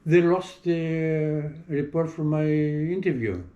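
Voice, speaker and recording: An older man with an accent speaks in an unhurried, measured way. He tells stories from his career in a relaxed interview. He mimics the people he quotes. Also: on the high side, reverberant, lo-fi sound. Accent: non-native English accent. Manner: anecdotal storyteller who acts out quoted voices.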